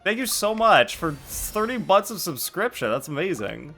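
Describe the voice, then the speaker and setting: A man streaming a game, chatting casually and excitably with his viewers. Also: high voice, moderate pace, faint music behind. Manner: excitable, jokey, reacting to chat. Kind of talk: casual live-stream chat.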